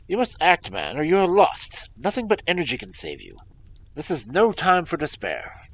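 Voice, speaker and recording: A man reading aloud, voicing a commanding, impatient male detective with loud, emphatic exclamations. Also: medium pitch, big pitch swings, moderate pace, a little hiss or hum, poor audio. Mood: urgent. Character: commanding urgent male detective, middle-aged.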